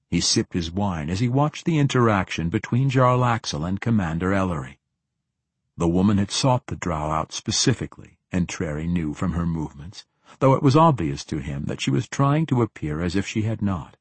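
A man narrating a fantasy novel as an audiobook, in a steady, measured way. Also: deep voice, breathy edge, no room sound.

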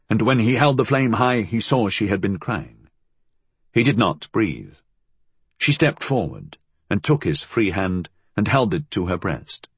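A man narrating an audiobook in an expressive, measured reading. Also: lowish voice, slightly rough, no echo.

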